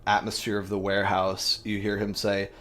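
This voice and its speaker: A man's voice: lowish voice, completely flat delivery, normal speed, a bit bright, slight background noise. A man narrating a tabletop game as game master, in a rambling, descriptive way with many fillers.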